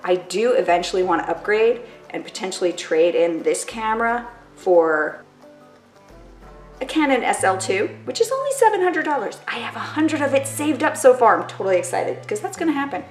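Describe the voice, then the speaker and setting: A woman's voice: a little high, very animated, normal speed, roomy sound, soft background music. Chatty self-mocking woman vlogger. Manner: chatty, self-mocking, uses lots of "like" and "totally". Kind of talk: casual chat to camera.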